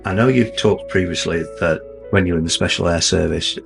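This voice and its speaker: Gravelly low-voiced male interviewer. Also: over music. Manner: measured, thoughtful questioning. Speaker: podcast host, interviewer. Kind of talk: interview questions.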